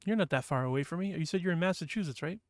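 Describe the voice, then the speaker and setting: A man's voice: fairly high pitch, expressive, rapid-fire, clean studio sound. Brief: male stream host from New Hampshire, loose talky chat, no room echo. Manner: rambling, chatty, reads chat aloud. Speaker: livestream host. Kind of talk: casual chat with viewers.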